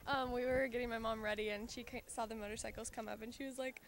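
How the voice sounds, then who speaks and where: A woman's voice: on the high side, flat delivery, quick pace, creaky, few pauses. A woman answering casual interview questions in a shy, giggly, hesitant way. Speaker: interviewee, daughter of the couple.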